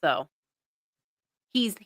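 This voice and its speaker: A woman co-hosting from indoors, reading chat messages aloud and talking casually in a relaxed way. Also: drawn-out words, dry recording. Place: indoors in the house.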